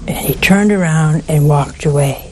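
A woman giving a sermon in a slow, deliberate way, with asides and some softly whispered stresses. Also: deep voice, poor audio. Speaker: preacher.

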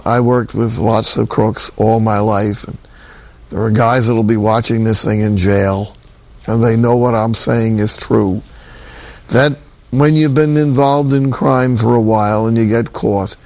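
An older male priest delivers a sermon at an unhurried pace. His talk is plain and folksy, with emphatic repeats and quoted scripture. His voice sits at an ordinary middle pitch. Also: darkish tone.

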